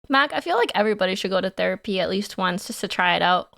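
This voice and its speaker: A woman's voice: medium pitch, expressive, fast talker, vocal fry, hardly any pauses, a bit bright. A woman livestreamer chatting casually with her chat in a playful, giggly way.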